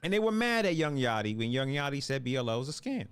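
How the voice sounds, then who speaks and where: A man's voice: mid-range voice, sing-song, quick pace, smooth. A man giving a heated political monologue, fiery and repeating himself as he restarts lines. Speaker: political commentator.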